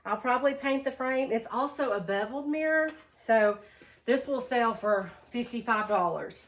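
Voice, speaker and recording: A woman vlogging a casual thrift haul, chatty and tired, low on energy after being sick, with lots of "um"s. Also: expressive, normal speed. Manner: chatty, says "y'all", many "um"s.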